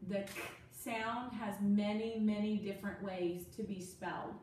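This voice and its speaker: A woman's voice: medium pitch, fairly even intonation, unhurried, darkish tone, a little hiss or hum. A woman tutoring a student one-on-one in spelling and phonics, giving patient step-by-step prompts. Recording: echoey room from a distant mic with faint ambience.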